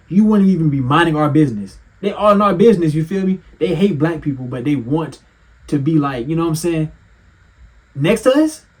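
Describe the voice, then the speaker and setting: Heated husky man ranting. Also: fairly high pitch. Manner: animated, mocking, swears and laughs often. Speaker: commentator reacting to clips. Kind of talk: heated reaction commentary.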